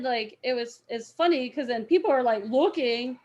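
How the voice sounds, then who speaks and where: A woman's voice: sits high, normal speed, hardly any pauses. A young woman, a cosplayer guest on a podcast, telling a story in casual chat and acting out the voices of the people in it. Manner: animated, acts out voices in stories.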